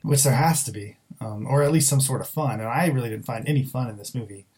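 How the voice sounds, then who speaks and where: A man's voice: medium pitch, quick pace, darkish tone. Blunt, exasperated male podcast film reviewer, casual and sweary. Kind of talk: casual chat.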